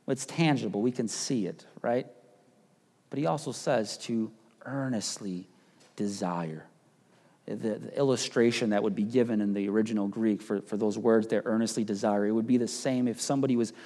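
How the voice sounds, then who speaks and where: A man preaching a sermon as pastor, chatty and casual, rising to loud urgent passages and dropping to hushed near-whispers. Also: medium pitch. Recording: long hall reverb.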